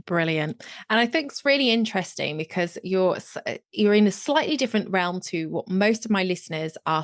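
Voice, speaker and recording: A woman's voice: medium pitch, no room sound. An English-accented woman hosts a podcast in a chatty, enthusiastic way. Her voice sits in an ordinary middle register. The recording is close and dry, with no room sound. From England. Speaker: podcast host. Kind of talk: casual interview chat.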